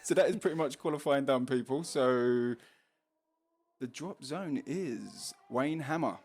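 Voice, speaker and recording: A man's voice: medium pitch, a little slow, darkish tone. A man with a Cockney accent giving casual, jokey live race commentary, laughing often.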